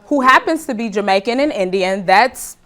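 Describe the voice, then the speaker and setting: A woman's voice: mid-range voice, expressive, normal speed, heavy background noise. A woman hosting a talk show, delivering a joking comedic monologue to a live studio audience and calling them y'all.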